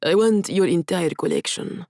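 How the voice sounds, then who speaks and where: A woman voicing a smug, mocking male conspirator in a storybook reading, with a slow taunting delivery. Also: fairly low pitch, creaky, dark tone, no echo, clean studio sound.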